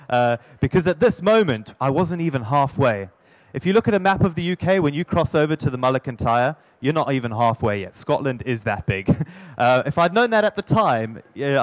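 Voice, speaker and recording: A man of medium pitch tells the story of his long sea swim in a lively, self-mocking way. He tosses in quick asides and keeps the tale moving. The sound is dry and close. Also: no room sound. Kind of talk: storytelling talk.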